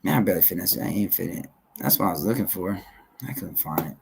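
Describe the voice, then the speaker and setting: A man's voice: deep voice, animated, quick pace, vocal fry, noisy background. A man rambling in a casual monologue, swearing and laughing often, sometimes muttering.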